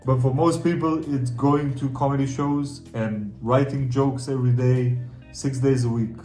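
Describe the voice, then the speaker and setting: A man from the Balkans with a slight Russian accent, a stand-up comedian chatting as a podcast guest in a quick, animated way. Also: medium pitch. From Balkans, Eastern Europe. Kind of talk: casual podcast chat. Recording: roomy room with faint music.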